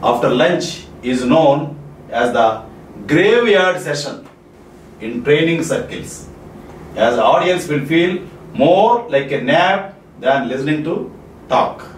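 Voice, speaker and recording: A man from India teaching soft skills, giving numbered presentation tips and repeating his key points for emphasis. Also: a little high, expressive, takes it slowly. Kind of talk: spoken lecture with numbered tips. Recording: echoey room, distant mic, faint noise.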